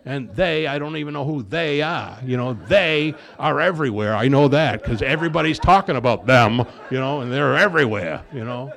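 Gravelly man telling his recovery story. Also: medium pitch, animated, normal speed, hardly any pauses, a bit bright. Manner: storytelling, acting out dialogue, self-deprecating humor. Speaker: recovery meeting speaker. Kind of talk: personal testimony talk.

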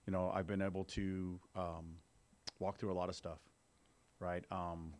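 With a deep, slightly mellow voice and a flat, measured delivery, a fifty-something man gives the group at a recovery meeting an honest account of his recovery. He keeps the tone conversational and checks in with his listeners.

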